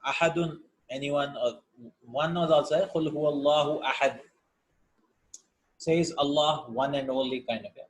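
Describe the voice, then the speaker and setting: Speaking at a moderate pace in a slightly high voice, this man teaches Arabic informally, going through vocabulary and grammar. He reads words out one at a time, explains each, thinks aloud, and checks in with "right?" or "yeah?" The audio is poor.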